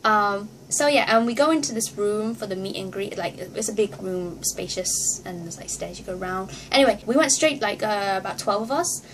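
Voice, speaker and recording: A woman vlogger telling a story to camera in a casual, excitable way, acting out her reactions and laughing often. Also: medium pitch, moderate pace, hardly any pauses, a little hiss or hum.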